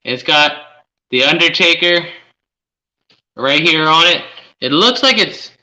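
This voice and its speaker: A man's voice: on the high side, expressive, unhurried, sharp tone, poor audio. A man hosting a live-stream auction, casually describing the next item and its shipping. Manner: casual, describes items for sale.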